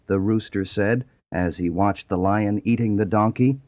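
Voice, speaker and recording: A man narrating fables in a scripted, expressive storybook reading. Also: fairly low pitch, normal speed, hardly any pauses, no echo. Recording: dull lo-fi audio.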